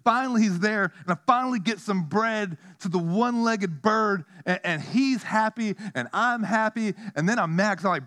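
A man preaching a sermon as pastor, telling stories with animation, dropping to a hush and then rising loud. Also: high-pitched, moderate pace, hardly any pauses. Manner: animated storytelling, swinging from hushed to loud.

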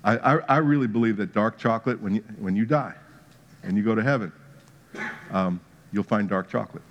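A man's voice: lowish voice, fairly quick, highs cut off, a little hiss or hum. A man preaching a sermon, telling a playful story with humor that builds to emphatic points. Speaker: pastor.

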